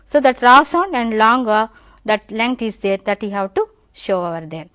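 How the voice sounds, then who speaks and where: A woman's voice: fairly high pitch, lively intonation, a bit bright, dry recording. Woman teacher drilling word pronunciations. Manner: slow drilling repetition of words; addresses students directly, explanatory. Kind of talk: classroom pronunciation lesson.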